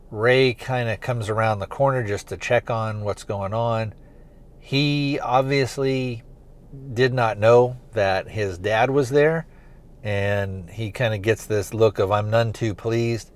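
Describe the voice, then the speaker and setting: A man with a fairly low, slightly mellow voice hosts a podcast about a TV series. He recaps an episode in a loose, rambling way, leaning on fillers like "kinda" and "you know."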